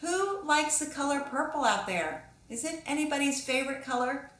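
A woman, a children's book author, reading her story aloud to young listeners with bright enthusiasm in her studio. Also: high voice, expressive, moderate pace, reverberant. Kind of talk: children's read-along.

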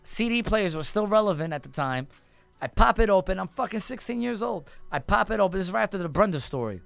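A man in his thirties, a rapper guest, telling a long story in a lively, profane way and acting out the people in it. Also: sits high, fast, creaky, no echo, faint music behind. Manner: animated, profane, acts out voices in his story. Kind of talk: casual storytelling.

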